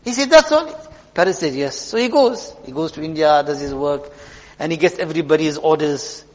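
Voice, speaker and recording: High-voiced preacher. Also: male voice, brisk, a little mellow. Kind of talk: sermon with storytelling. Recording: long hall reverb.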